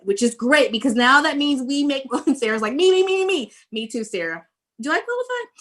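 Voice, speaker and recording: A woman's voice: a little high, fairly bright tone. Bubbly woman hosting a livestream. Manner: bubbly, effusive, laughs often. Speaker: host of a virtual conference. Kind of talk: lively live-stream giveaway hosting.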